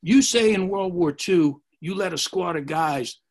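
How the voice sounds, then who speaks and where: A man voicing a brash young male ex-boxer, loud and confrontational. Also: high voice, normal speed, vocal fry, slightly rough, full character voice. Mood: accusing.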